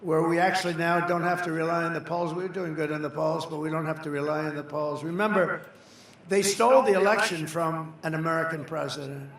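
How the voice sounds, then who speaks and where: A man's voice: a little high, steady tone, fairly quick, a bit bright. A man giving a rambling, off-the-cuff campaign rally speech, repeating phrases for emphasis. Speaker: political candidate at a campaign rally. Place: large rally venue with a crowd. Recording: very echoey venue with crowd noise.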